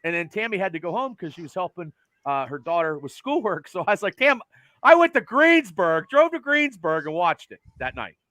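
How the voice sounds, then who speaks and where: Loud excitable high-voiced man. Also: fairly quick, dry recording. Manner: loud, excitable storyteller who swears freely. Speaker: podcast co-host. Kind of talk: casual podcast chat.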